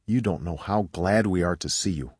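A man doing a hushed, confiding woman. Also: low-pitched, normal speed, husky, dry recording, studio quality.

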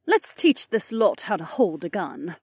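A man reading an audiobook, voicing a brisk, practical young woman soldier with a clipped, matter-of-fact delivery. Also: sits high, sing-song, slightly rough, no echo, studio quality, voice pushed up, full character voice.

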